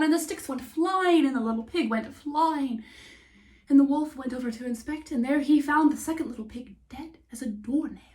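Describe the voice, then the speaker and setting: Woman, storyteller, hushed whispers, unhurried, fairly high voice, mic at a distance.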